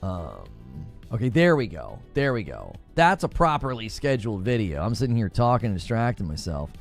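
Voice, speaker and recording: A man hosting a podcast, chatting casually and telling a story with lively acted-out quotes. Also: on the low side, moderate pace, gravelly, soft background music. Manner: animated storyteller, acts out quotes. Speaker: podcast host and youth soccer coach. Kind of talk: casual chat.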